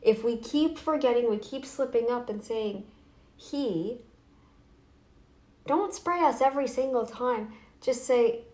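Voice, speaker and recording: A snarky woman vlogger talking straight to camera, her voice sitting a little on the high side. She rambles through restarts and fillers in a loose, taunting, casual way. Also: animated, measured pace, darkish tone. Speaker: YouTube vlogger. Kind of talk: casual talking-head vlog.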